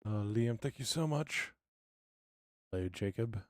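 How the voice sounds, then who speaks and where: A man talking casually to his live-stream chat while he builds in a game, mumbling and humming to himself, and clearing his throat now and then because he is sick. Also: lowish voice, measured pace, no echo, clean studio sound. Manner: relaxed, mumbling to himself, humming filler sounds.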